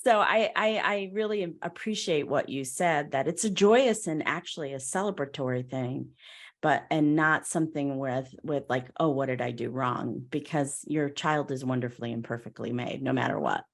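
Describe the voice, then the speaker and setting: A middle-aged woman hosts a casual conversational interview in a notably low voice. She talks in a chatty, easygoing way, laughing now and then as she tells stories. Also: normal speed. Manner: warm, chatty, often laughs and acts out quoted voices. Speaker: podcast host.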